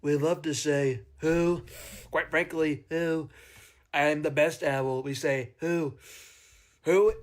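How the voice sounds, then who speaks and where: A man's voice: on the high side, fairly even intonation, slow. A man voicing a boastful owl as a comic impression of a famous politician, rambling and bragging.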